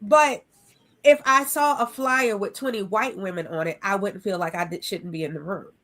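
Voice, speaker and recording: A woman guest on an interview, a nonprofit founder, talking in an emphatic, animated way with punchy repeated phrases. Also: mid-range voice, normal speed.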